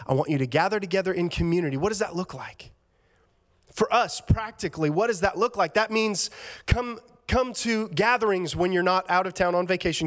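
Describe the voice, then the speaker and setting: A man preaching a sermon as a church pastor, earnest and conversational, often restarting his sentences with repeated words. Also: sits high.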